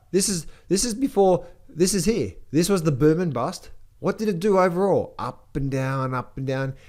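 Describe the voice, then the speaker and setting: A man's voice: fairly high pitch, darkish tone. A man giving casual market commentary as a trading educator, blunt and rambling, with many repeated words.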